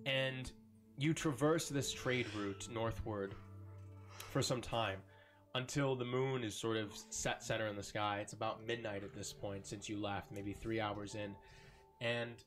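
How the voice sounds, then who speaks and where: A man running a tabletop game as game master, describing scenes slowly with many ums and likes. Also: on the low side, steady tone, over music.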